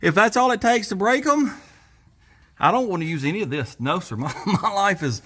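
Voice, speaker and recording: A man's voice: high-pitched, animated, moderate pace, pushed and bright, slightly rough. A man hosting a casual garage vlog, rambling in a folksy, self-deprecating way and a little out of breath. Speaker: garage channel host. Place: home garage.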